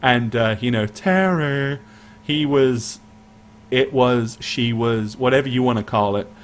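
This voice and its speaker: A man's voice: mid-range voice, a little slow, a little hiss or hum. A man co-hosting a casual recap of a tabletop game stream, who rambles and restarts his sentences as he talks. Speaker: game master and co-host.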